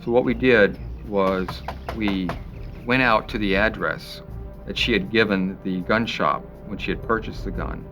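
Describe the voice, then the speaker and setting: A man's voice: fairly low pitch, a little slow, a bit bright, faint music behind. A man who worked as a police investigator, recounting the case in a conversational interview and acting out what people said. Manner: conversational, retelling with quoted voices and small laughs. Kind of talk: interview recollection.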